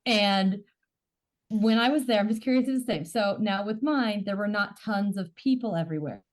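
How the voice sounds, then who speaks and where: A woman's voice: mid-range voice, normal speed. Eager woman podcast host. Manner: curious, eager, searching for words. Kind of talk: casual chat.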